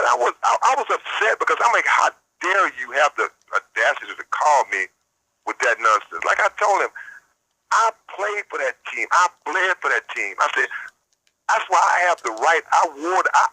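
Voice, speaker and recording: Brief: man in his 50s, radio guest, bright edgy husky voice, dry sound, keeps saying "I said". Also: a little high, moderate pace, no echo, rough recording. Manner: animated retelling, repeats "I said" constantly. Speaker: radio show guest, former football player. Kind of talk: phone-in radio interview.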